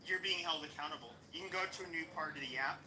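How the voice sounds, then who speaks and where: A man's voice: a little high, fast talker, noisy background. A man hosting a live audio chat room and ranting at someone in a combative, profane, taunting way, repeating phrases for emphasis. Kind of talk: heated call-out rant.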